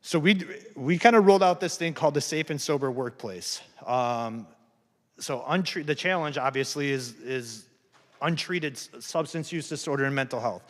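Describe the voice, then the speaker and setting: A man's voice: medium pitch, moderate pace. A man giving a candid, earnest talk about recovery to an audience, self-deprecating and plain-spoken. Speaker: recovery speaker at a campus event. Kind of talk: personal testimony talk. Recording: hall reverb.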